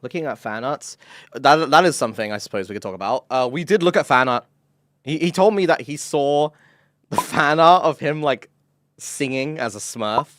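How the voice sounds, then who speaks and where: A man's voice: mid-range voice, fairly bright tone, no room sound, clean studio sound. A man telling a story on a live stream in casual chat, swearing, laughing and full of fillers.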